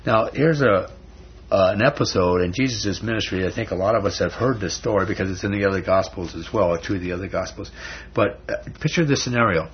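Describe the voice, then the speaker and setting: A man's voice: lowish voice, fast talker, a little hiss or hum. A man teaching a Bible study in a conversational, folksy way, often restarting words. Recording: dull lo-fi recording.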